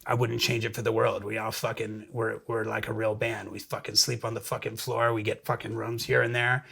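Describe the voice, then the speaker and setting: A middle-aged man, a musician guest, telling stories in a casual interview, profane and energetic with frequent restarts. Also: lowish voice, a little fast, vocal fry, husky.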